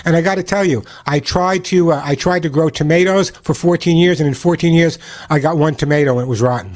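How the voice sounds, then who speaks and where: Middle-aged new york guy hosting call-in radio, fast chatty talker, kinda high voice. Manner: animated, fast-talking, chatty. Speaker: radio show host. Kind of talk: call-in radio advice and ad reads.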